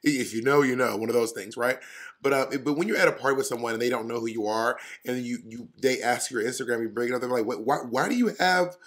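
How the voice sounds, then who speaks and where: A man co-hosting a casual podcast chat, telling stories in an animated way with acted-out quotes and blunt, profane language. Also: medium pitch, fast. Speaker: podcast co-host.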